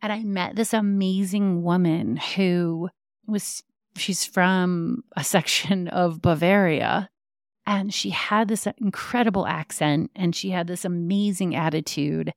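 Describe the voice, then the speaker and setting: A woman's voice: fairly low pitch, takes it slowly, no room sound, studio quality. A woman hosting a podcast, telling personal stories in a rambling way with frequent ums and restarts. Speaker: podcast host. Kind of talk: personal storytelling.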